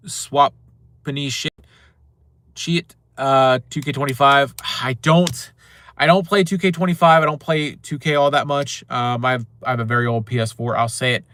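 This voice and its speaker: Bright-voiced man chatting live. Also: mid-range voice, clear, resonant tone, dry recording. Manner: rambling, many fillers and restarts. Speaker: show host. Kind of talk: casual livestream chat reading comments.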